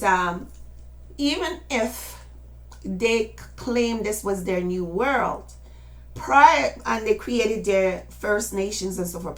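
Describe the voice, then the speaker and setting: An older woman speaking in a casual, rambling monologue, talking straight to her listeners in an insistent way. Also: mid-range voice. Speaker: speaker addressing followers.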